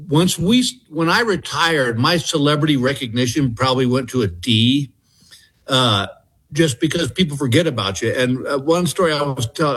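This is a man in his sixties who grew up in Texas, calling in as a comedian guest. He spins stories in a laid-back, rambling way, with plenty of "uh"s between thoughts. His voice sits at an ordinary middle pitch for a man. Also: slightly rough. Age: 60s. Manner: relaxed storyteller with frequent filler pauses. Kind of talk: casual interview chat, storytelling. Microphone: calling in by phone.

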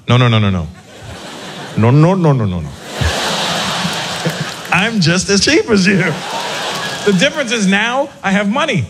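A man doing a stand-up comedy routine on stage, acting out people in quick voices. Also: high-pitched. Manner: animated, acts out characters in quick voices. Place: comedy stage with a live audience. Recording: noisy live show recording.

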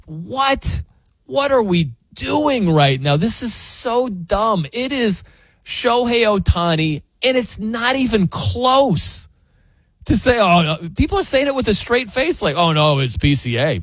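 Male sports opinion host, incredulous and animated, lively pitch, dry close sound. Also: no room sound.

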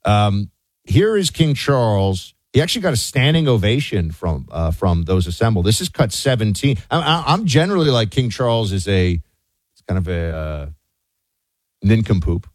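A man co-hosts a talk radio show, animated and teasing in casual banter. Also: on the low side, moderate pace, no room sound. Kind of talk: casual political chat.

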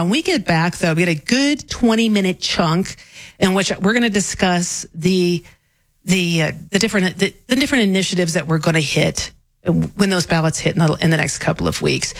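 A woman's voice: fairly low pitch, no echo, low-quality recording. A woman guest-hosting a talk radio show, candid and opinionated, speaking casually into a studio microphone. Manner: candid, opinionated, self-deprecating.

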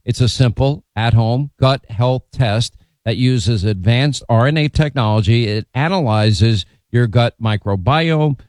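A man reading a scripted ad on a radio show, smooth and persuasive. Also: mid-range voice, a little slow, darkish tone, no echo. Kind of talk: scripted ad read.

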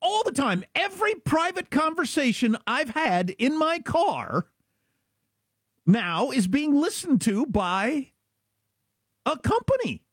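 A middle-aged man from Kansas tells a story in casual chat, his voice pitched high and swinging widely. He talks in an animated way, full of quick asides. The sound is close and dry. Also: dry recording. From Kansas, USA.

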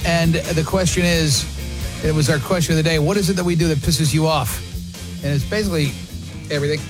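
A radio host with a somewhat high male voice bantering in a studio. He jokes, laughs easily and moves the show along over soft background music. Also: fairly even intonation, brisk. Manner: jokey, laughs easily, steers segments. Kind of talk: casual morning radio banter.

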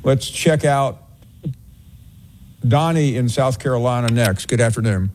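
Measured male sports radio host. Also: mid-range voice, darkish tone, a little hiss or hum. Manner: measured, hesitant with many fillers. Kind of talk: sports radio talk show.

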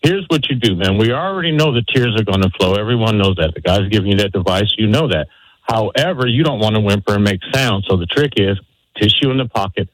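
A middle-aged man calling a radio show, his voice on the low side, friendly and folksy. The sound is dry and close. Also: expressive, fast talker, no room sound, rough recording. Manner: friendly, folksy, giving advice. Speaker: radio caller. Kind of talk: phoned-in advice.

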